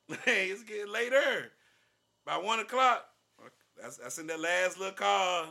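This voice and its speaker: A man's voice: sits high, normal speed, gravelly. A man co-hosting a casual talk show, telling profane stories and acting out the people in them. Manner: profane, animated, acts out other people in quoted voices. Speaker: podcast co-host. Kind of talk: casual banter and storytelling.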